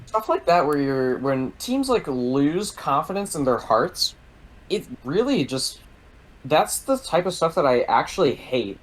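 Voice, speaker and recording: A man's voice: a little high, big pitch swings, unhurried, low-quality recording. A man as guest in a casual gaming talk, rambling through a story with lots of "like" and free swearing. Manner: rambling, heavy use of "like", swears freely.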